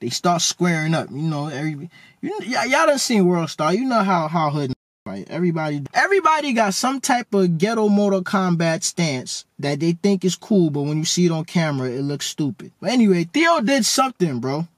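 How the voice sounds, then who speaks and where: A man, telling a story in a joking, slangy, animated way. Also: high-pitched, normal speed, dry recording, clean studio sound. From New York. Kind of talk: casual storytelling.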